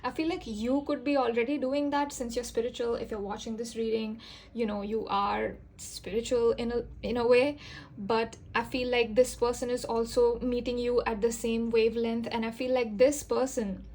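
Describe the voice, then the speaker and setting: Soft, earnest woman reading tarot. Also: fairly high pitch, level tone, moderate pace, a little hiss or hum. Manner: gentle, earnest and reassuring, with many fillers. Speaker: tarot reader. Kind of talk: intuitive tarot reading to camera.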